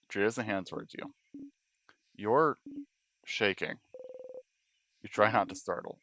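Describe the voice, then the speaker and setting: A man hosting a let's play, reading game narration quietly and adding muttered asides of his own. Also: lowish voice, measured pace, long pauses.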